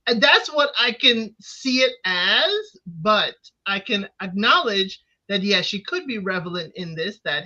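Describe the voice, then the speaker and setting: A woman co-hosting a casual recap show, talking in an expressive, playful way. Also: medium pitch, takes it slowly, hardly any pauses. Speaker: podcast co-host. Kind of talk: casual reality-TV recap chat. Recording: dull lo-fi sound.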